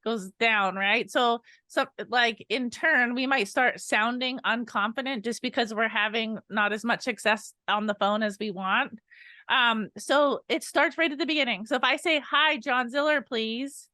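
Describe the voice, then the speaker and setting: Bright, upbeat woman coaching sales. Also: on the high side, measured pace, no echo. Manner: upbeat, energetic, laughs often. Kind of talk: podcast sales coaching chat.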